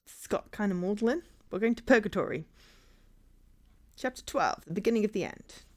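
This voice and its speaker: Casual woman streamer, animated voice. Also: mid-range voice. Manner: casual, self-mocking, quick asides. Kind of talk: live-streamed game playthrough.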